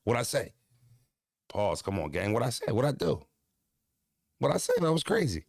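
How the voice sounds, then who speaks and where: Laid-back gravelly-voiced male streamer. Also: mid-range voice, very animated, normal speed, a little mellow, no room sound, studio quality. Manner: laid-back, swears freely, often laughs. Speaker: streamer reacting to clips. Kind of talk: casual reaction chat.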